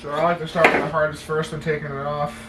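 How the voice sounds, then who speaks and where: A man's voice: fairly high pitch, little pitch movement, fast, heavy background noise. A man working on a car, explaining the repair step by step in a casual, self-deprecating way and muttering to himself as he works. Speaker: mechanic demonstrating a repair. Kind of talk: casual how-to narration while working. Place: garage workshop. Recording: roomy garage, mic far off, clanking tools.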